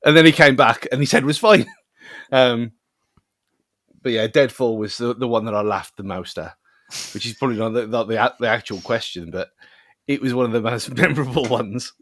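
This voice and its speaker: A casual man co-hosting a podcast, hesitant, with frequent chuckles and plenty of "I mean." His pitch is mid-range. The sound is dry and close. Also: moderate pace, fairly bright tone, no echo. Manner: laughs often, hesitant, lots of "I mean". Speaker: podcast co-host. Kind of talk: casual chat.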